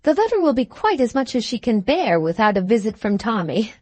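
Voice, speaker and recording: Storybook figure: a kindly motherly schoolmistress, wry and gentle, read by a woman narrator. Animated, fairly high voice. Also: fairly quick, no echo.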